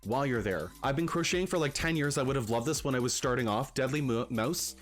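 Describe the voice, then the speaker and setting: A man hosting a casual livestream, talking to viewers in an animated, chatty way and slipping into rants. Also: mid-range voice, quick pace, faint music behind. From Canada. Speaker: livestream host.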